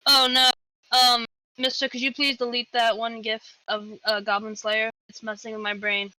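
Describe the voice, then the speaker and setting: A woman with a bright voice playing a tabletop game online. She talks politely and giggles often. Her voice sounds close and dry. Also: a little high, flat delivery, normal speed, dry recording, low-quality recording. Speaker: player. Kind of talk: casual tabletop game chat.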